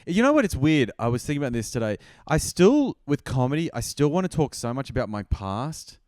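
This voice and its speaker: A man's voice: mid-range voice, very animated, fairly quick, darkish tone, no room sound, studio quality. A man, a comedian guest, chatting casually and teasing his friend with a laugh. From Australia. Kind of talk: casual chat.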